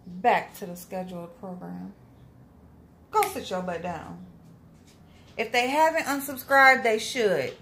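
A woman's voice: mid-range voice, takes it slowly, gravelly, long pauses, a bit bright, slight background noise. A young woman, giving a blunt, scolding, profane commentary rant in a casual vlog. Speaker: commentary vlogger.

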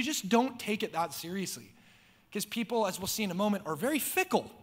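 A man preaching a sermon to a church congregation in a casual, slangy way, with big swings in pitch and loudness. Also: lively intonation, fast. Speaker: pastor. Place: church sanctuary before a congregation.

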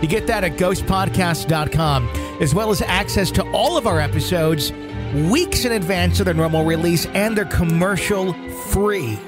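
A man's voice: sits high, moderate pace, music in the background. A man co-hosting a paranormal podcast, chatting casually with dry jokes. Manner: joking, dry humor. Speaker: podcast co-host.

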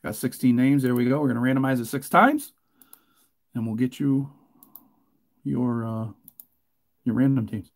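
A man hosting a live card break, chatting casually and joking, getting loud and excited. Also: medium pitch, normal speed, long pauses. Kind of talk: live stream break commentary.

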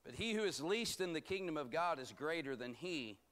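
A man teaching a bible study as pastor, reading scripture aloud and explaining it in a measured, emphatic way. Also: a little high, expressive, a bit bright. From United States.

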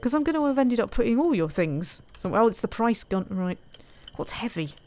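A woman's voice: a little high, very animated, normal speed, a little mellow. A woman commenting casually as she plays a video game, chatty and often laughing, teasing the characters on screen. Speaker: gaming streamer. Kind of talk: casual let's-play commentary.

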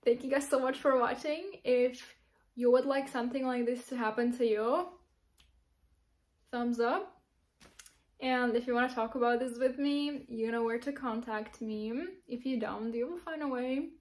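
A young woman, her voice sitting a little high, tells a personal story straight to camera. She talks casually and giggles often, leaning on fillers as she goes. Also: steady tone, a little slow, darkish tone. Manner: chatty, giggly, many fillers. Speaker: vlogger.

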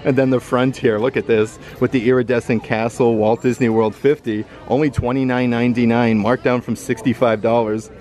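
A man's voice: mid-range voice, flat delivery, a little fast, hardly any pauses, darkish tone. A man filming a casual shopping vlog in a store, upbeat and enthusiastic as he shows items and their prices. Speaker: vlogger. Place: indoor retail store.

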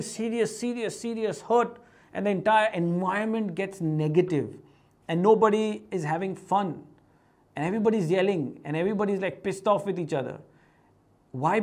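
A middle-aged man with an Indian English accent hosts a casual motivational vlog. He talks in an animated way and slips into playful voices for his family and coworkers. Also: sits high. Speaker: vlog host.

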